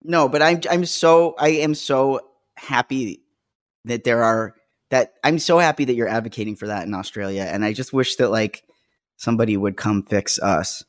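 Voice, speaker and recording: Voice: medium pitch, moderate pace. A podcast co-host chatting casually, rambling with lots of "like" and acting out quoted voices. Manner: rambling, heavy use of "like", acts out quoted voices.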